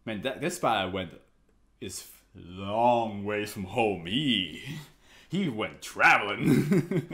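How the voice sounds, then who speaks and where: A man's voice: on the low side, lively intonation, slow, fairly bright tone. A man hosting an anime reaction video, chatting casually while he stands, jokey and laughing often.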